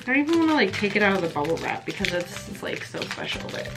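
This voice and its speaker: A woman vlogging as she opens gifts, gushing and excited, near tears, with a chatty manner full of fillers. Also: fairly high pitch, moderate pace, hardly any pauses, music in the background. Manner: gushing, excited, breathy gasps, many fillers. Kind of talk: casual vlog chat.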